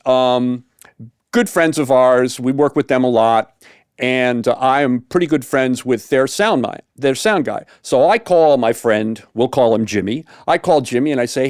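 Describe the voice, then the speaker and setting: A man, a saxophone tutor, casually telling a story in an animated way with many fillers, acting out the quotes. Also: medium pitch, no room sound, clean studio sound.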